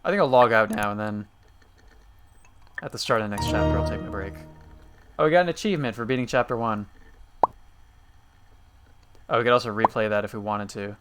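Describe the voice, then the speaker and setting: A man's voice: lowish voice, fairly quick, pauses often, music in the background. A man streaming a game, reading its messages aloud in an easygoing running commentary.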